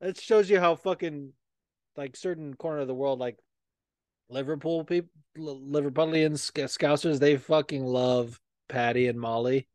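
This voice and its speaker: A man's voice: a little high, normal speed, a little mellow, smooth, no room sound. A man hosting a podcast in casual chat, rambling with lots of swearing and filler words. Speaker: podcast host.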